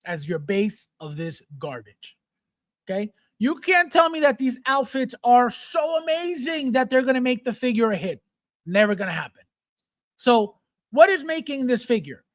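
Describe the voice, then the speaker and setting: A man's voice: extremely high pitch, a bit bright, no room sound, clean studio sound. A middle-aged man hosting a live chat show, ranting bluntly, mocking fans in put-on voices, and swearing freely. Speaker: host.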